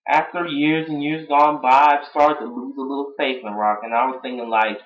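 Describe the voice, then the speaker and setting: A young man from Atlanta giving excited, casual fan commentary, often laughing as he retells moments. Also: medium pitch, normal speed, few pauses, dull audio. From Atlanta, United States. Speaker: wrestling fan vlogger.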